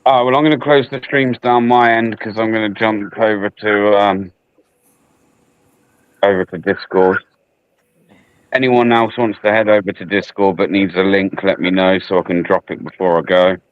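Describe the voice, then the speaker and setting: A man's voice: on the low side, steady tone, moderate pace, clear, resonant tone, dry recording, narrow, tinny audio. A man co-hosting a livestream, laid-back and chatty, often calling people man or bro. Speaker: co-host. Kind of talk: casual livestream banter.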